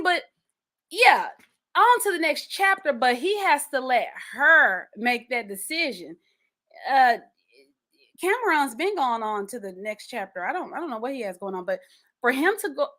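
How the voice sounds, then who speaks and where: A woman hosting a podcast in a casual solo chat, speaking straight to her listeners with lively, animated delivery. Her voice is bright and forward and sits a little high for a woman, and she doubles up her words when she presses a point. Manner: animated and chatty, addresses listeners directly, repeats words when stressing a point. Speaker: podcast host.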